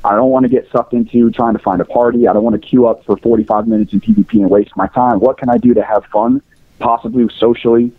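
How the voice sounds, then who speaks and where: A man's voice: mid-range voice, fast, vocal fry, no echo. A man calling in to a podcast, chatting casually and laid-back. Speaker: caller. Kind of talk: casual chat on a phone call. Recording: dry tinny phone line.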